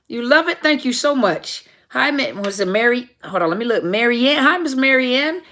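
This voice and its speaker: A woman's voice: on the high side, expressive, normal speed, pushed and bright. A woman minister hosting a live question-and-answer stream, chatting casually and greeting viewers by name. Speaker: livestream host and minister.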